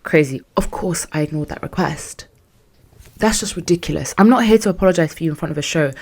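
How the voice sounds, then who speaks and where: A young woman hosting a podcast, telling a story in a sassy, animated way and acting out what others said. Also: low-pitched, fairly quick, breathy edge. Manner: animated, sassy, acts out quotes in other voices. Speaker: podcast host. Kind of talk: casual storytelling monologue.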